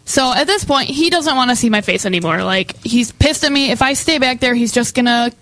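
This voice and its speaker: A young woman telling an animated, swear-filled story about a rude customer at her bar job, laughing now and then. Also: a little high, brisk, no room sound. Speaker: bartender or server telling a story. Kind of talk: casual storytelling chat.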